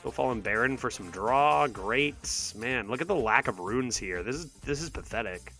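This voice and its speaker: A man's voice: mid-range voice, expressive, normal speed, bright, forceful tone, faint music behind. A man streaming a card game, exasperated and sarcastic as he thinks aloud and talks to his chat. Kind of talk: live gameplay commentary to chat.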